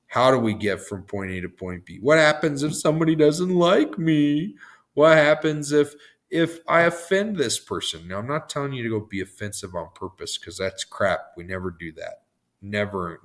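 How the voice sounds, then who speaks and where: Hoarse, rambling male podcast host. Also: on the low side, fairly bright tone. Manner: rambling, goes off on tangents, laughs at himself. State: hoarse, worn-out voice. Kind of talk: motivational podcast monologue.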